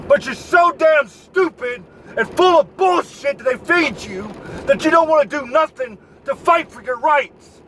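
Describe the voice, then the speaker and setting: A man's voice: very high-pitched, lively intonation, unhurried, fairly bright tone, rough recording. A man delivering a profane political rant, lecturing the listener directly and swearing freely. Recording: outdoor traffic noise behind voice.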